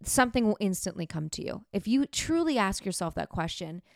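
A woman's voice: medium pitch, big pitch swings, fairly quick, vocal fry, no room sound. A woman hosting a podcast, talking frankly and chattily about herself in a candid self-help monologue. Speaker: podcast host.

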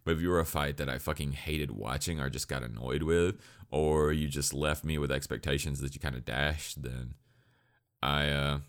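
A man's voice: a bass voice, fairly even intonation, moderate pace. A young man giving a blunt, profane, sarcastic anime review in casual ranting commentary.

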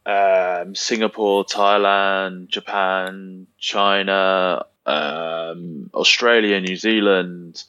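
A man's voice: low voice, drawn-out words, hardly any pauses, smooth, no echo, lo-fi sound. A man co-hosting a casual podcast, reading out race results with lots of ums and easy laughs. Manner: relaxed, hesitant, many ums, laughs easily. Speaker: podcast co-host.

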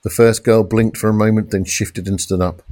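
A man reading a crime novel aloud in measured, dramatic narration, raising his voice for the police shouts. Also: lowish voice, fairly even intonation, no echo. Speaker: audiobook narrator. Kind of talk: scripted narration.

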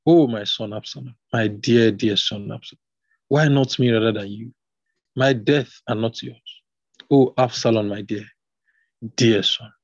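Man reading an old king, mournful and commanding by turns, husky voice, dull recording. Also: mid-range voice, steady tone, moderate pace, warm tone, no room sound, natural voice. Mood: grieving. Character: grieving old king lamenting his son.

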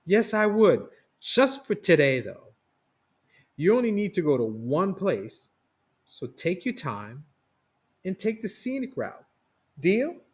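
A man reading a story voices a mother who calmly coaxes her son and niece, speaking in a measured way. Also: high voice, voice pushed up, heavily acted. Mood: coaxing. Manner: calm, coaxing, measured. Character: mother, firm and persuasive middle-aged woman.

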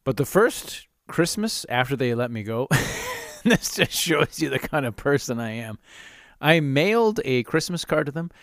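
A middle-aged man hosts his podcast alone, telling rambling, candid stories and chuckling at his own jokes. His pitch swings widely as he talks. The sound is dry and close, with no room around him. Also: very animated, normal speed, no room sound. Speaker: podcast host. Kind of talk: casual monologue.

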